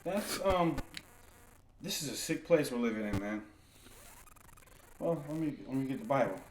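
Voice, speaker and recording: A man's voice: medium pitch, expressive, normal speed, a little hiss or hum, poor audio. A man co-hosting a livestream Bible class, reading verses aloud and commenting bluntly, with profanity. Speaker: co-host reading scripture.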